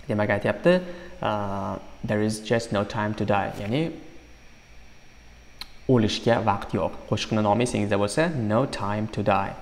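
A man teaching English through a song, reading lyric lines slowly and then explaining them quickly. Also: fairly low pitch. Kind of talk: song lyric translation lesson. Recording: long hall reverb.

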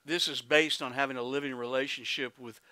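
A man's voice: mid-range voice, steady tone, brisk, bright, forceful tone, dry recording. A man with an Oklahoman accent preaching a sermon as pastor, folksy and exclamatory, calling out to the congregation and breaking into laughs and hallelujahs. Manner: laughs easily, calls out to congregation.

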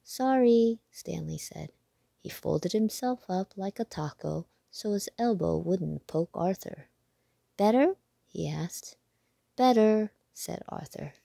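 Female read-aloud narrator for children: mellow, slow, clear and deliberate. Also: lowish voice, dry recording, studio quality. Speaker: children's book reader.

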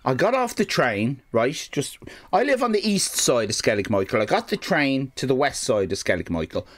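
A man's voice: medium pitch, big pitch swings, moderate pace. A man streaming live, telling a rambling, profane comic story and interrupting himself often.

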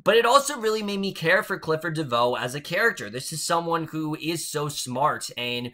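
Bright-voiced chatty young man reviewing TV. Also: fairly high pitch, lively intonation, normal speed. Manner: chatty, opinionated, sarcastic asides. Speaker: TV episode reviewer. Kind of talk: casual recap and review.

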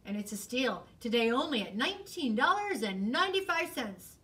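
A woman voicing a sly, fast-talking male fox who sells a swindle with showy salesman patter. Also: on the high side, sing-song, bright, forceful tone, distant mic. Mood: salesy.

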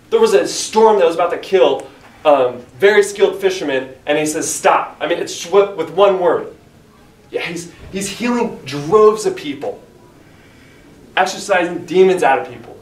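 A man's voice: a little high, far from the mic. A man teaching a church Bible study in an earnest, emphatic way, reading scripture aloud. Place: church room. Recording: echoey room, mic from afar, faint hiss.

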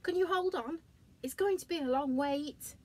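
A woman's voice: sits high, moderate pace, warm tone, voice pushed up, natural voice. A woman voicing a sensible, bossy giraffe who scolds her friend firmly.

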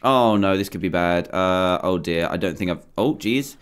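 A young man hosting a gaming video, chatting casually over gameplay, excitable and rambling, with frequent ums and self-corrections. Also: medium pitch, a little slow, smooth.

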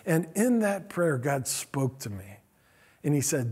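A man's voice: fairly high pitch, lively intonation, unhurried, dark tone, breathy edge. A middle-aged man, a pastor, telling a story in a sermon in an earnest, self-deprecating way. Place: church sanctuary.

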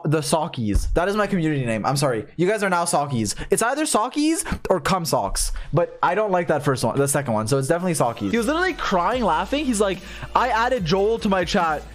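A man's voice: high voice, a bit bright. A young man streaming games, chatting casually with his viewers, swearing a lot and reading chat aloud.

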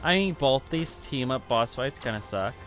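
A man's voice: mid-range voice, expressive, normal speed, a bit bright. A man in casual chat, giving dry, joking commentary while a friend plays a game. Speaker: co-host commentating. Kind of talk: casual let's-play chat.

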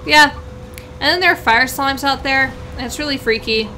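A woman hosting a let's play, chatting through the game and breaking into excited squeals and exclamations. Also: high voice, moderate pace, long pauses, a little hiss or hum, poor audio. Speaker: gaming channel host.

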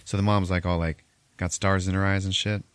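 On a podcast, a man recaps a film's plot in a loose, profane, rambling way, voicing the characters' lines as he goes. His voice sits low with little pitch movement, and he talks fairly quickly in a clear, resonant tone on a dry recording.

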